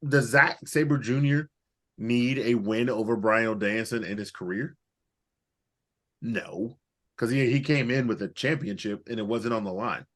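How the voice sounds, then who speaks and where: A man co-hosting a podcast in casual chat, animated and profane, rambling through his points. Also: fairly low pitch. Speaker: podcast co-host.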